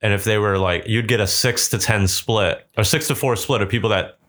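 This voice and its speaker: A man's voice: lowish voice, fairly quick, fairly bright tone. A man telling a long, rambling story in casual chat, swearing often and acting out what people said in raised voices. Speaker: podcast co-host telling a story.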